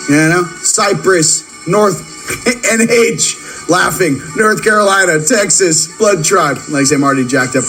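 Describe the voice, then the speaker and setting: Hyped-up guy on a livestream, kinda high voice, shouting out viewers and laughing a lot, faint music behind. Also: unhurried, low-quality recording. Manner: excitable, rattles off viewer locations, laughs often. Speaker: livestream host. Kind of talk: live-stream spiritual talk with viewer shout-outs.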